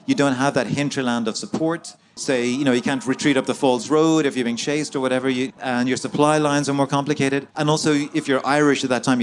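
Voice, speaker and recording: A man, an author guest in an interview, recounting a story at length with many fillers and restarts. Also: medium pitch.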